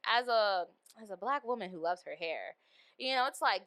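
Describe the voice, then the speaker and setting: A young adult woman hosting a podcast, chatting casually about a movie and acting out lines with animated delivery. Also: a little high, a little fast. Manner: animated, acts out quoted lines. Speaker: podcast host. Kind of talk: casual movie review chat.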